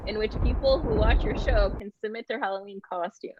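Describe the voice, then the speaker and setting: A woman's voice: mid-range voice, brisk, highs cut off, very noisy. A woman guest on a talk show, chatting casually over a video call, giggly and a little flustered. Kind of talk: casual chat.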